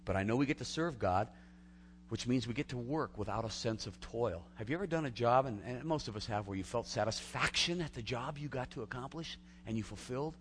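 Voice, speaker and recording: A pastor giving a conversational sermon that swings between loud, emphatic build-ups and hushed, quiet lines. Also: male voice, medium pitch, lively intonation, brisk, a little hiss or hum.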